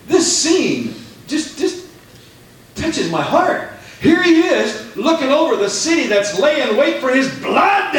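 A man preaching a sermon, swinging from hushed tones to shouted, dramatic passages. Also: high voice. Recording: roomy echo with faint background noise.

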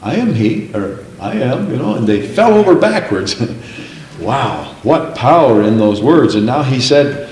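A man's voice: mid-range voice, sing-song, unhurried, a little mellow, reverberant, slight background noise, low-quality recording. A man preaching a sermon, telling a folksy story and then reading scripture aloud, building to fervent emphasis on key lines.

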